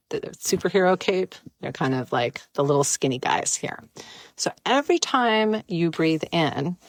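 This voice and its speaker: Low-voiced woman guiding breathwork. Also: no echo. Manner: gentle, playful, unhurried guidance. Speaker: breathwork guide. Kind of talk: guided breathwork instruction. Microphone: close mic, live stream.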